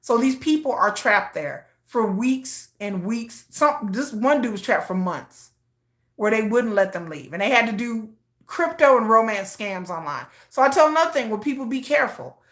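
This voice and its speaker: A woman's voice: a little high, moderate pace. A woman vlogger retelling news in casual commentary, acting out the people in the story as she goes. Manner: animated storytelling, acting out quoted voices.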